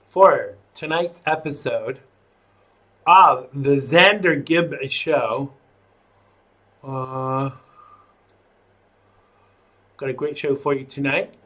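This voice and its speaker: A man's voice: medium pitch, pushed and bright. A man hosting a live online talk show, rambling and joking with viewers between chatty asides. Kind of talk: casual livestream chat.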